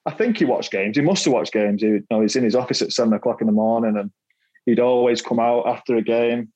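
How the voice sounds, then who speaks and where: A warm, fast, medium-pitched voice belongs to a middle-aged former footballer from Manchester, a podcast guest laughing often and repeating words while telling self-deprecating stories of his playing days. The recording is muffled.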